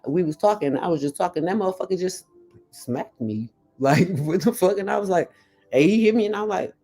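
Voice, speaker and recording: A woman's voice: fairly low pitch, brisk, soft background music. A woman in casual conversation, telling her own story bluntly, with heavy swearing and acted-out quotes. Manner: blunt, heavily profane storytelling; animated, acts out quoted lines. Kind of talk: casual chat.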